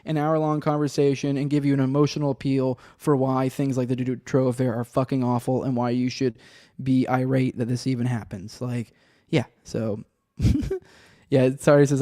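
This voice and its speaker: A man's voice: mid-range voice, moderate pace, mellow, no echo, clean studio sound. Profane, rambling man hosting a podcast. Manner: rambling, profane, sardonic, many restarts. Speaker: podcast host. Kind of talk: casual solo commentary with chat. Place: home room with a cat and a desk.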